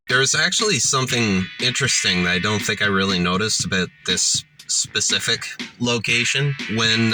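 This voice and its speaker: A man talks through his vlog in a relaxed, meandering way, full of "uh"s and "like"s. His voice sits on the low side, and loud music plays behind him. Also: low-quality recording. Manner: laid-back, wandering, many "uh"s and "like"s. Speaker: vlogger. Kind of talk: casual vlog narration.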